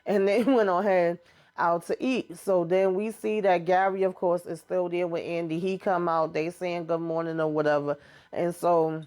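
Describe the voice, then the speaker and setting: A woman's voice: fairly low pitch, fairly even intonation, normal speed, a little mellow. A woman hosting a casual TV recap, retelling scenes in a loose, slangy way with lots of "you know what I'm saying.". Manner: slangy and informal, drops verb endings. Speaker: TV recap host.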